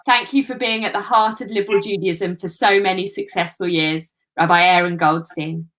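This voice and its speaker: A woman's voice: fairly low pitch, fairly even intonation, a bit bright. A woman co-hosting a live online event over a video call, keeping things moving and reading tributes. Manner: brisk, keeps things moving. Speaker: co-host.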